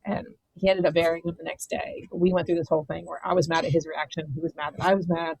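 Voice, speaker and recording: A woman in her thirties from Maryland, a podcast guest telling a story in a blunt, animated way and swearing freely. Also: low voice, fast talker, vocal fry, husky, dry recording, rough recording. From Maryland, USA. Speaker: podcast guest, vineyard owner. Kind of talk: casual chat, storytelling.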